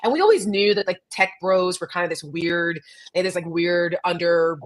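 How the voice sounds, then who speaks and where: A woman's voice: lowish voice, normal speed, poor audio. A woman co-hosting a casual political chat show over a video call, talking bluntly and with animation, cursing now and then. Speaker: co-host.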